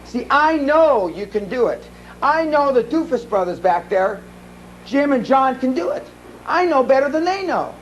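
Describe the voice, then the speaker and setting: A man's voice: very high voice, big pitch swings, normal speed, muffled recording, a little hiss or hum. Blunt, profane man giving a seminar talk. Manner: blunt, profane storytelling with many restarts. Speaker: seminar speaker. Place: seminar room.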